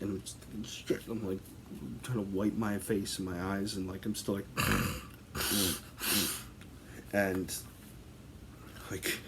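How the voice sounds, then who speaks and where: A man's voice: on the low side, noisy background. A man casually telling a comic story on a podcast, rambling through lots of fillers and breaking into laughter. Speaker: podcast host.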